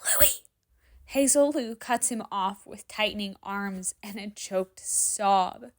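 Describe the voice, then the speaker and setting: Woman, storyteller, unhurried, expressive, hushed whispers at tense moments. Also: medium pitch. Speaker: fanfiction reader. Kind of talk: dramatic story narration.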